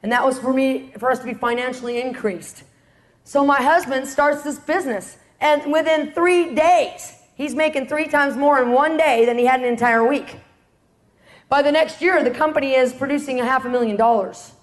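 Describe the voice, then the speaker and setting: A middle-aged woman with a high voice preaches a testimony sermon. She tells her stories with energy and keeps checking in with the congregation through rhetorical questions. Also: moderate pace. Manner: animated storytelling, rhetorical questions to the audience. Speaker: preacher, prison ministry leader.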